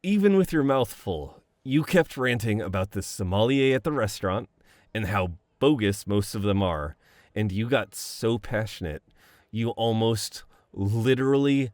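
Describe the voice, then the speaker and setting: A man's voice: lowish voice, animated, measured pace, darkish tone, no room sound, studio quality. A young man playing a boyfriend in a romantic voicemail role-play, reminiscing fondly, laughing often and swearing casually.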